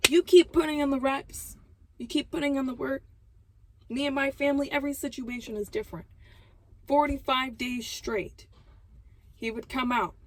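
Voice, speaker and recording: A woman with children telling a personal story in casual vlog style, animated, with loud laughing outbursts and hushed asides. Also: medium pitch, slightly rough, poor audio. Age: adult with children. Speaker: vlogger.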